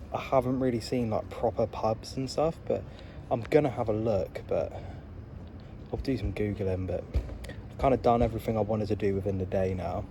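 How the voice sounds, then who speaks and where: A young man vlogging as he walks through city streets at night. He is drunk and tired, and he swears and rants as he grumbles to his viewers. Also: lowish voice. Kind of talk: casual walking vlog. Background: traffic and street noise.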